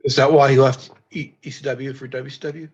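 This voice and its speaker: A male podcast host in casual interview chat, mostly short reactions and quick questions. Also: mid-range voice, level tone, slightly rough, muffled recording.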